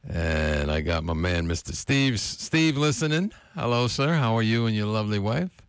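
A man's voice: fairly low pitch, normal speed, clean tone, no room sound, studio quality. A man hosting a live morning radio show from a college station, casually greeting his listeners between tracks. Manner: relaxed, friendly shout-outs to listeners. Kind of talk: laid-back radio show chat. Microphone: studio mic, close.

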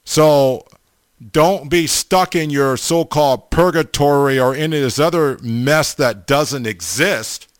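Slow, blunt stammering preacher man. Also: fairly high pitch, no echo, clean studio sound. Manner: blunt, repetitive, stammering restarts, emphatic. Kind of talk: sermon.

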